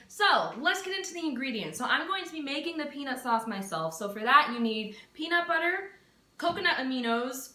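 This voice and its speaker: A Texas woman in her 20s chats playfully in a casual cooking vlog from her home kitchen, breaking into dramatic bursts of mock panic. Her voice is a little high, pushed and bright, and the room is echoey.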